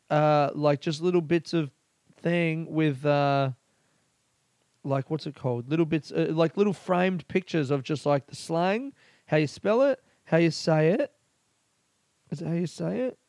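A man's voice: on the high side, a little mellow, no echo. A man hosting a casual solo podcast, rambling and swearing freely as he talks. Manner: rambling, profane and laughing. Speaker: podcast host.

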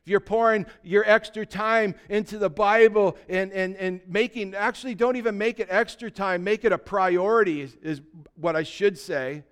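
A pastor with a high-sitting, clear and resonant voice preaches at normal speed. He exhorts listeners with humorous asides, shifting between quiet moments and loud, fervent passages.

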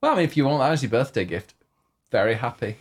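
A man's voice: medium pitch, big pitch swings, fast. A man co-hosting a podcast in casual chat, rambling and chatty, telling jokes, sharing one microphone with his co-host. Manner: chatty, rambling joke-teller. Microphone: one microphone shared between two.

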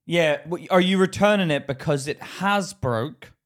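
A man, co-hosting a casual podcast chat, teasing his co-host with quick questions and interruptions. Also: fairly high pitch.

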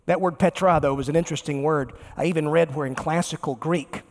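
High-voiced preacher in a reverberant church. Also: male voice, steady tone. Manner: emphatic preaching, slows down to stress key words. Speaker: pastor. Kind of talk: sermon. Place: large church sanctuary. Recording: long reverb of a large church.

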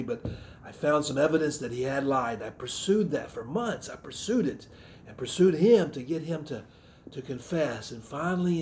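A middle-aged man from the Southern United States giving a personal testimony in a sermon, earnest and reflective, often pausing and restarting his sentences. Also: mid-range voice, a little mellow, a little hiss or hum. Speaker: missionary speaker giving testimony.

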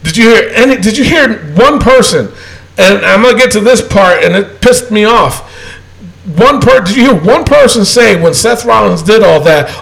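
A high-pitched man with a gravelly edge rants on a podcast. He swears freely and hammers his points home with repetition. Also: lively intonation, moderate pace, a bit bright, low-quality recording. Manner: profane, emphatic, ranting. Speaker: co-host. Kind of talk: heated casual chat.

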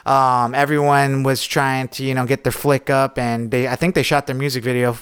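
A man's voice: medium pitch, little pitch movement, moderate pace, fairly bright tone, smooth. A man co-hosting a podcast in casual chat, laid-back and rambling as he talks. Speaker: podcast co-host.

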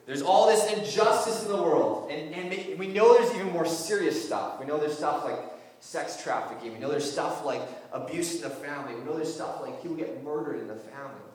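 A man giving an informal, joking sermon to young people as a youth pastor, in a lively conversational way. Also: on the high side, brisk, far from the mic. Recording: very echoey room.

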